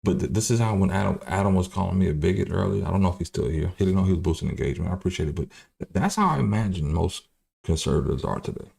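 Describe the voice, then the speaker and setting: Low, gravelly man streaming commentary. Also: animated, very fast, a little mellow. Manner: loose, profane, rambling with restarts. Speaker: livestream host.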